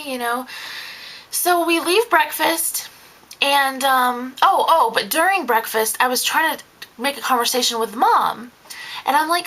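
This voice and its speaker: A young woman chattily telling a babysitting story in a casual vlog, full of fillers and quoting people in a higher voice. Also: normal speed, sharp tone, rough recording. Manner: chatty, lots of fillers, acts out quotes in a higher voice. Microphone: camera mic.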